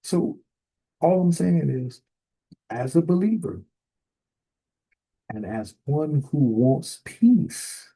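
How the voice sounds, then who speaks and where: Man sermonizing slow and husky, big swings up when he drives a point home. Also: a little high, animated, warm tone, rough recording. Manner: emphatic, rising to bursts of force. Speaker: minister. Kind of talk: preaching sermon.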